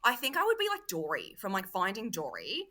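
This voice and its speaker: A woman's voice: medium pitch, huge pitch swings, brisk, sharp tone. A woman with an Australian accent, a comedian chatting casually as a guest and peppering her speech with "like", recorded outdoors on a lawn. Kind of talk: casual chat.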